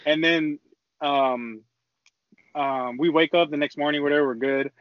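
A man's voice: fairly high pitch, steady tone, measured pace, dry recording. A young man telling a rambling, slang-heavy story in casual chat, with lots of swearing. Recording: dull lo-fi dry recording.

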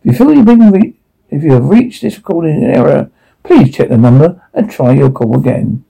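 An impersonal disconnected-number recording recites its notice in a formal way, read by a man. The voice is husky and mellow. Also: fairly high pitch, big pitch swings, a little fast, highs cut off, heavily acted. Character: recorded phone operator message, impersonal.

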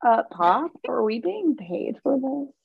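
A woman's voice: fairly high pitch, big pitch swings, slow pace, vocal fry, husky. A woman playing a tabletop game, bantering with indignant sarcasm. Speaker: player. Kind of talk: casual tabletop play. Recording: dull lo-fi recording.

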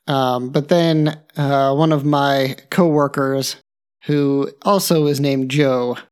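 Casual co-host, middle pitch, deadpan ribbing of a sibling. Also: slow pace, smooth. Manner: teasing, dry, chatty. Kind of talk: casual chat.

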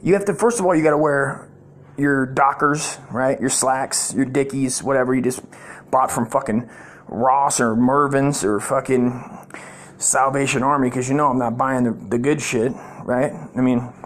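A man's voice: medium pitch, fairly even intonation, normal speed. A middle-aged man, telling a rambling, profane comic story. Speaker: comedic storyteller.

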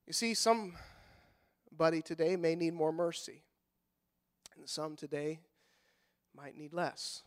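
Middle-aged pastor guy preaching, high clear voice, folksy, gets loud then goes real quiet. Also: slow pace, long pauses. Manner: swings from loud fervent preaching to quiet soft-spoken stretches; folksy, repeats words when fired up. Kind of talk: sermon.

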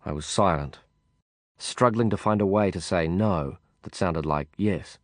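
A man reading a first-person audiobook narration in a measured, reflective way. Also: low voice, no room sound, clean studio sound.

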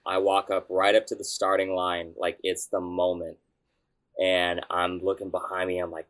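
A young man, a youth pastor, telling a story in a casual interview, animated and excitable, with bursts of shouting. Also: low voice, normal speed.

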